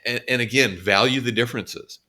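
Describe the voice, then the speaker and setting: A man's voice: mid-range voice, fairly quick, pushed and bright. A man co-hosting a podcast, reflecting earnestly in casual conversation and sharing his own experiences. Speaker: podcast co-host.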